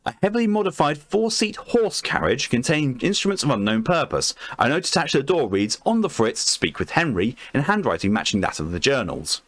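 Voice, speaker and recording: A man's voice: mid-range voice, sing-song, a little fast, hardly any pauses, a bit bright, dry recording. A man reading documents aloud on a live stream, breaking off to swear and react.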